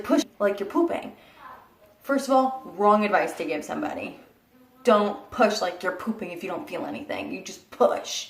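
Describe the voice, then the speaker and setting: Young woman blunt and animated, swears a bit, kinda far from the mic in an echoey room. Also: mid-range voice. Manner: animated, blunt, swears casually, acts out quotes. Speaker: vlogger. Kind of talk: casual storytelling to camera.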